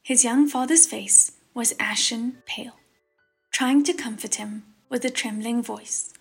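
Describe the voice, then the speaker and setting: A woman narrating an audiobook chapter in a steady, expressive storytelling voice. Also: on the high side, a little slow, gravelly, husky. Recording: narration over faint background music.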